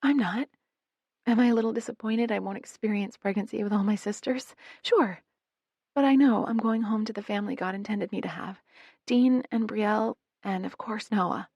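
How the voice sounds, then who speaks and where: A woman voicing a composed young eldest sister who speaks softly in an audiobook. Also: mid-range voice, moderate pace, husky, no echo, dull audio, pitched above the performer's own voice. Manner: soft and composed.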